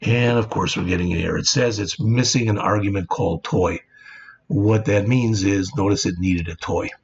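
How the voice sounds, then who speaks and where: A man's voice: fairly low pitch, moderate pace, vocal fry. A man teaching programming in a screen-recorded coding tutorial, explaining plainly and often saying "all right". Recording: dull lo-fi sound with faint background noise.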